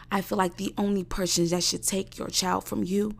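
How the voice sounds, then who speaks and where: A woman's voice: mid-range voice, little pitch movement, moderate pace, gravelly, hardly any pauses. A woman in her thirties hosting a talk show, speaking off the cuff in a blunt, profane monologue that repeats phrases for emphasis. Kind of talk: unscripted monologue.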